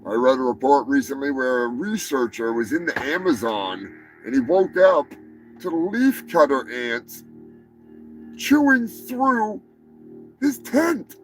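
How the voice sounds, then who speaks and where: A man's voice: mid-range voice, expressive, normal speed, soft background music, low-quality recording. A man hosting a live show, ranting about odd animal news with lots of swearing, rambling asides and laughter. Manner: profane, rambling, laughs mid-sentence. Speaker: show host. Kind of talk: live comedic news rant.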